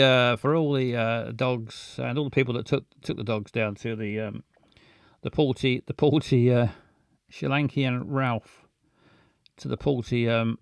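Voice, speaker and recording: A man hosting a live show, chatting casually in a halting, playful way with many restarts and silly jokes. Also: mid-range voice, fairly even intonation, gravelly, clean tone, dry recording, clean studio sound. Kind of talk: casual rambling live chat.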